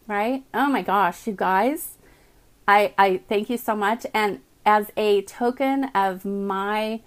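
A woman hosting a live inspirational talk stream, chatty and enthusiastic, often calling her viewers "guys" and reading uplifting passages aloud. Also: mid-range voice. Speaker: host.

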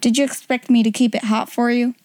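A woman's voice: fairly high pitch, level tone, fairly quick, warm tone, no room sound, natural voice. A woman voicing a bad-tempered, spiteful cook who snaps and grumbles. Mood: snappish. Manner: snappish, grumbling.

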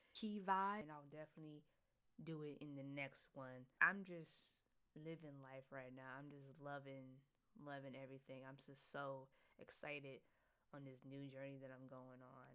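A woman's voice: sits low, clean tone. Giggly, rambling woman podcast host. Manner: excited, giggly and rambling, repeating herself. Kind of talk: casual solo podcast chat.

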